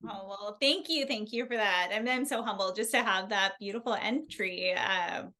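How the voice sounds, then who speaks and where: A woman sex therapist as a podcast guest, speaking gently and invitingly in casual chat. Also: mid-range voice, moderate pace.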